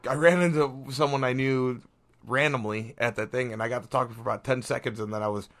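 A man's voice: medium pitch, fairly even intonation, fairly quick, a bit bright. A man co-hosting a casual sports podcast, rambling with lots of fillers and restarts. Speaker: podcast co-host.

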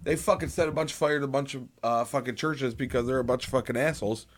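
A man's voice: mid-range voice, quick pace. A young man co-hosting a podcast, chatting casually, swearing often and cutting himself off. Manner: swears a lot, interrupts himself. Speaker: podcast co-host.

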